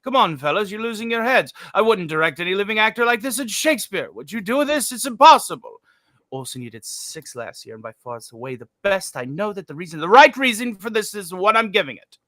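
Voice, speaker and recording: A man's voice: high-pitched, sing-song, brisk, sharp tone, no echo, pitched above the performer's own voice, heavily acted. A man impersonating a pompous old actor. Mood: indignant. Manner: haughty, argumentative, sweeping emphasis. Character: pompous famous older male actor reading ads, irritable. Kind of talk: comic dramatic reading of a transcript.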